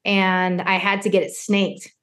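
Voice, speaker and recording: A woman's voice: mid-range voice, little pitch movement, unhurried, fairly bright tone. A woman hosting a podcast interview over a remote call, effusive and encouraging as she praises a guest's progress. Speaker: podcast host and hair-loss coach. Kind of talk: warm podcast interview chat.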